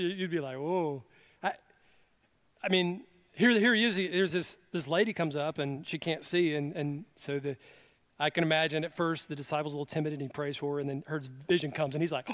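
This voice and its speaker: High-voiced animated male pastor preaching. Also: fast. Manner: animated, shifts between loud preaching and soft asides; casual storytelling with quoted exclamations. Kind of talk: sermon.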